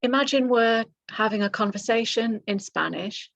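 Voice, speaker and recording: A woman teaching English directly to the camera, speaking clearly and encouragingly and acting out example phrases for learners. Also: on the high side, normal speed, fairly bright tone, dull audio.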